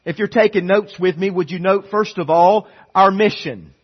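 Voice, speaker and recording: A man preaching a sermon as pastor, moving between loud, emphatic lines and quiet, low passages. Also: moderate pace, breathy edge, muffled recording.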